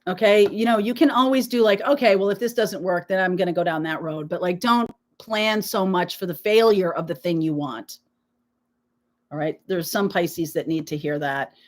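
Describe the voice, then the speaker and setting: Woman, tarot reader, live stream host, sore throat, clears throat often, reassuring, emphatic. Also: fairly low pitch, moderate pace. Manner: reassuring, emphatic, peppered with "okay?". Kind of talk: live tarot reading, chatting with viewers.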